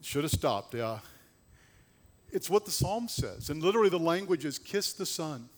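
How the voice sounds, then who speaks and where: A male pastor delivering a sermon in a slightly higher voice. He swings from loud, emphatic bursts down to low, hushed stretches. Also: big pitch swings, moderate pace.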